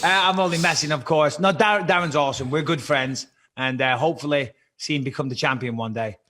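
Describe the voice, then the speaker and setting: A man's voice: on the high side, brisk, sharp tone. A man with a Liverpool accent, a former fighter telling rambling, swear-filled stories as a podcast guest. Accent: British, Liverpool. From born in Cyprus on a British army base, raised in England. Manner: swears a lot, rambling storyteller. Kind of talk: casual podcast chat.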